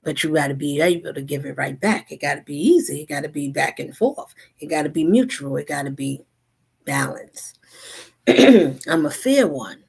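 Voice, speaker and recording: A woman delivering a spiritual message in a rhythmic, repetitive way, slipping between whispers and loud asides. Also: sits low, animated, moderate pace, creaky, slightly rough. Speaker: spiritual channel host.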